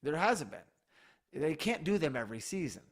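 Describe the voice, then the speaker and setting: A man co-hosting a podcast, talking in an animated, enthusiastic way and often correcting himself. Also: fairly high pitch, moderate pace. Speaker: podcast co-host. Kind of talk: casual podcast chat.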